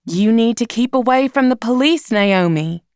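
A woman's voice: fairly high pitch, animated, moderate pace, darkish tone, clear, resonant tone, dry recording, clean studio sound, pitched above the performer's own voice, natural voice. A woman reading aloud, voicing a bossy older aunt who lectures firmly. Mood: lecturing. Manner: lecturing, firm.

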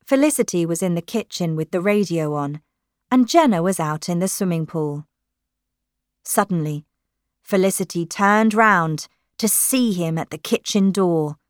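A woman reading a storybook aloud in a measured, clear way. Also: lowish voice, dry recording, clean studio sound.

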